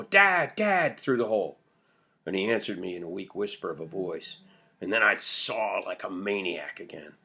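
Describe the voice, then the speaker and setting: A man's voice: medium pitch, a bit bright, close to an everyday voice. A man reading an old villager's first-person tale of his boyhood, told in earnest storytelling. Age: older. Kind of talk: audiobook character voice.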